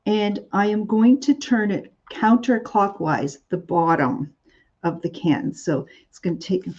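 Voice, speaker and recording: A woman's voice: medium pitch, fairly even intonation, a little slow, a little mellow, dull audio. A woman hosting a live shopping show, chatting in a rambling way with many fillers.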